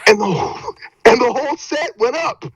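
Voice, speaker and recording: An older man telling showbiz stories as a guest, vivid and lively, often tripping over his own restarts. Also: very high-pitched, moderate pace, creaky, husky, dry recording. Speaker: guest actor. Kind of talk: animated anecdote storytelling. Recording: dry, slightly dull audio.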